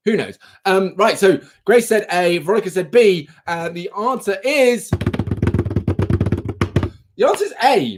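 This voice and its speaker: Reading out quiz questions and their multiple-choice options, this young man hosts a relaxed livestream on his phone with a chatty, teasing manner. He has a high, slightly breathy voice.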